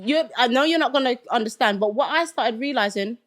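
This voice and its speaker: Animated woman telling her story. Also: a little high, a little fast. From London, England. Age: 30s. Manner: animated storytelling, keeps asking "do you get what I mean?". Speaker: podcast guest. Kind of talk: casual chat.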